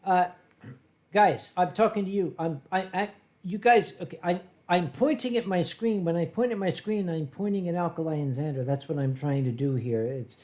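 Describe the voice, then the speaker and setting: A man's voice: sits high, normal speed, a little mellow. A man hosting a casual drinking livestream, telling rambling, theatrical stories full of swearing. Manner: rambling, theatrical storyteller with profanity. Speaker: livestream host. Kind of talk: casual drinking-stream chat.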